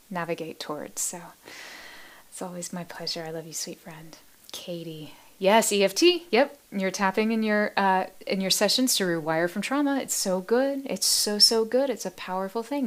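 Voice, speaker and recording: Soft-spoken woman hosting a meditation stream. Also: fairly low pitch. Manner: soft and gentle, often dropping to a near-whisper; affectionate, laughs often. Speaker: meditation livestream host. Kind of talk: casual livestream chat reading viewer comments.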